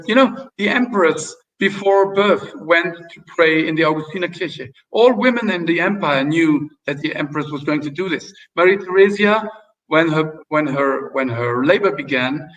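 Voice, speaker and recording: A man's voice: a little high, fairly bright tone. A man telling stories as an interview guest, hesitant with many fillers and restarts, in a casual way. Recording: distant, dull lo-fi sound.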